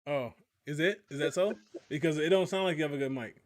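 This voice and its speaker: A man's voice: fairly high pitch, quick pace, crowd noise. A man co-hosting a live podcast, teasing his friends in casual banter. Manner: teasing, joking. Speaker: podcast co-host.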